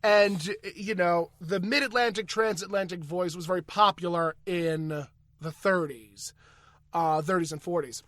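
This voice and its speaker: A man co-hosts a podcast, retelling a sitcom scene with lively, animated delivery and acting out the characters' lines. His voice sits high and bright, and it is recorded dry and close with little room sound. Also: measured pace, no room sound. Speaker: podcast co-host. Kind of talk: casual chat recapping a sitcom episode.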